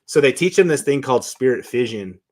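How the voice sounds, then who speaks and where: A man on a talk show as a guest, telling stories with excitement and emotion, often restarting his sentences. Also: mid-range voice, a little fast. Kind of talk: casual chat.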